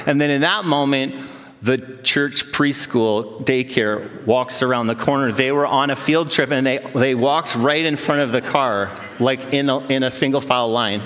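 A man in his thirties, a pastor, preaching a sermon with self-deprecating stories and animated quoted voices. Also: mid-range voice, normal speed. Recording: long hall reverb.

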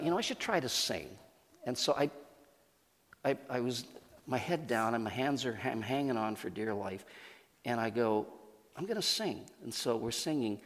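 Man, church leader giving a testimony sermon, earnest and storytelling, voice ringing in a big reverberant hall. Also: medium pitch. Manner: earnest storytelling with many restarts.

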